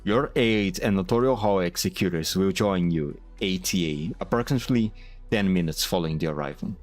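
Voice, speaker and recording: A man voicing a stern, formal older male church official, speaking gravely and in measured phrases. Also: low voice, a little mellow, soft background music, close to an everyday voice. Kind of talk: amateur reading of game dialogue.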